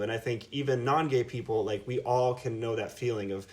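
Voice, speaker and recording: This man, in his thirties and from Middle America, sits as a podcast guest and talks in a lively, joking way. His pitch is mid-range for a man, and his speech is animated and full of playful emphasis and laughter. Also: fairly quick. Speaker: podcast guest, endurance athlete. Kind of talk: casual interview conversation.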